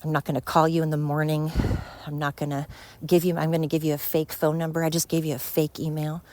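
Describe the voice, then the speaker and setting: Out on a night walk near a road, a woman hosts a rambling solo podcast, breathless, scattered and chatty while teasing herself. She speaks quickly in a low, level, slightly mellow voice.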